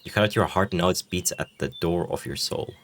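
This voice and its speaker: Game read-along: a man voicing a teasing skull-faced young woman, blunt and a bit crude. Deep, low voice. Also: fast talker, a bit bright. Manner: teasing, blunt, swears casually. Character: faceless skeletal young woman, teasing, forward.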